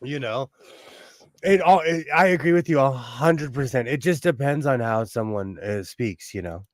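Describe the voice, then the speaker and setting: A man's voice: mid-range voice, animated, moderate pace, dry recording. A man from Southern California co-hosting a livestream in casual chat, joking and laughing often as he talks. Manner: jokey, laughs often, trails off and restarts. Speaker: livestream co-host.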